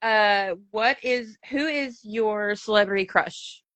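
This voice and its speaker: A woman's voice: mid-range voice, slow, fairly bright tone, no room sound. A woman hosting a casual chat, playful and chatty, often laughing along with her guest. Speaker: podcast host.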